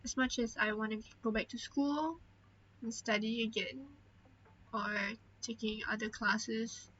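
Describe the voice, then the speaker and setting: This young woman streamer talks candidly and openly in a casual chat, holding back tears and often trailing off with fillers in a heartfelt way. Her voice is a little high and a bit bright, with fairly even intonation and an unhurried pace. The audio has its highs cut off and carries a little hiss or hum.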